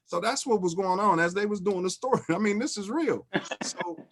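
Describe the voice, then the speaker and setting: Animated man telling a story. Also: sits high, moderate pace. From Chicago. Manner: animated, repeats and restarts phrases, acts out quotes. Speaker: host. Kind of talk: casual storytelling chat.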